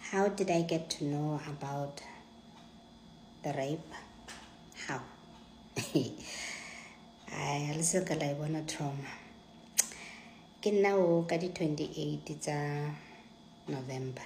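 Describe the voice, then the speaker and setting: Lively low-voiced South African woman. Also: takes it slowly, long pauses, slight background noise. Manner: lively and dramatic, acting out dialogue, dropping into hushed asides. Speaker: storyteller. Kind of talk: personal story time. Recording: echoey room.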